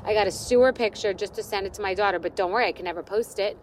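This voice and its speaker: A woman's voice: mid-range voice, very fast, slight background noise. A middle-aged woman hosting a podcast, telling a story in a casual, self-mocking rant and acting out what people said. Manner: self-deprecating, animated storytelling with acted-out quotes. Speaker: podcast host.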